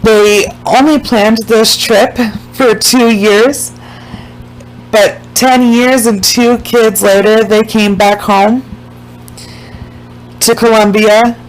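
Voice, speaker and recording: A woman casually recapping a documentary to her viewers, emphatic and blunt, swearing freely and slowing down to stress the points that upset her. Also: fairly high pitch, steady tone, faint music behind, rough recording.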